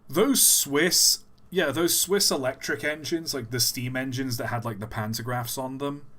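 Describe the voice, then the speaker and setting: A man with a middle-pitched voice answers viewer questions in a relaxed live-stream chat. He thinks aloud, pausing and repeating himself as he searches for answers. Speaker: livestream host.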